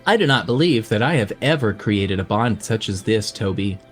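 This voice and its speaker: A man voicing a gentle, earnest robot creature who talks in a formal, measured way, with soft music behind. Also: on the low side, expressive, lightly acted. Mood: tender.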